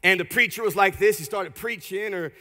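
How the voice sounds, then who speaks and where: A man pastor preaching an energetic sermon in a church, leading the congregation in call-and-response. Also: high-pitched, fairly quick, long reverb tail. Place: church sanctuary.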